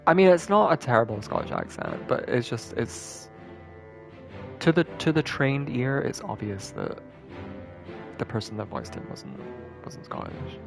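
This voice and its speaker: A man's voice: medium pitch, wildly swooping pitch, unhurried, creaky, music in the background. A male streamer giving casual gameplay commentary, thinking aloud and repeating words as he works things out.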